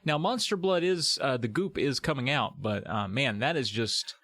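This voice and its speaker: A man's voice: mid-range voice, normal speed, a bit bright, dry recording. A man co-hosting a podcast, chatting casually with playful, drawling asides. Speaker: podcast co-host.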